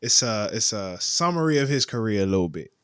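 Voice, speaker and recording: A man's voice: fairly low pitch, lively intonation, a little fast, fairly bright tone, clear, resonant tone, no echo, clean studio sound. A man hosting a podcast, reviewing music in loose, slangy casual chat and restarting his sentences often. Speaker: podcast host.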